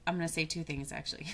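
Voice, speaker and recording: A woman with a notably low voice speaks as a podcast guest. She talks thoughtfully and unhurriedly, stopping to rephrase and search for the right words as she explains an idea. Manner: thoughtful, searching for words, restarts mid-phrase. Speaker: guest, business coach. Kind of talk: reflective podcast conversation.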